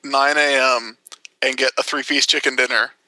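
A man's voice: mid-range voice, steady tone, moderate pace, bright, forceful tone, dry recording, poor audio. A man co-hosting a casual podcast, laid-back and hesitant, with lots of fillers. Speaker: podcast co-host. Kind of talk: casual chat.

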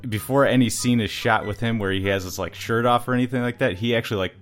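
A man's voice: mid-range voice, steady tone, fast, soft background music. A man from Canada co-hosting a podcast in casual chat, rambling with many uhs and small laughs. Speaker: podcast co-host.

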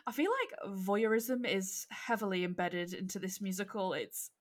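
A woman's voice: mid-range voice, animated, normal speed. A woman with a mid-range voice chats playfully on a podcast. She giggles easily between her points. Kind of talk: casual chat.

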